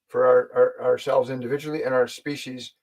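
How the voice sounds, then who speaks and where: With a flat delivery and a fairly quick pace, a medium-pitched man hosts a live spiritual stream on a low-quality recording. He gently addresses viewers directly, earnestly guides them, answers their questions, and repeats key phrases for emphasis.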